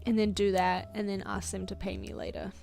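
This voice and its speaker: A woman's voice: mid-range voice, level tone, fairly quick, gravelly, over music. Chatty New woman, rambling art stream. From New Zealand. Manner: rambling, self-mocking, laughs between thoughts. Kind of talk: casual chat while drawing on stream.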